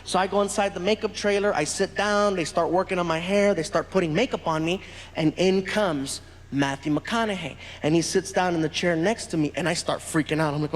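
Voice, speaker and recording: A male stand-up comedian telling a story on stage, animated and laughing as he acts out the other people in it. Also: high voice, fairly quick. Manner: animated, laughing, doing voices. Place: large theater stage. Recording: echoey hall.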